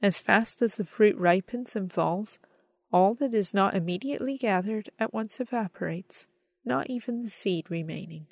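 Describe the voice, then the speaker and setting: A woman's voice: mid-range voice, normal speed, creaky, darkish tone, no echo. A woman reading as a kindly, wise guide. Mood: gentle. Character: kindly, wise adult man guiding newcomer.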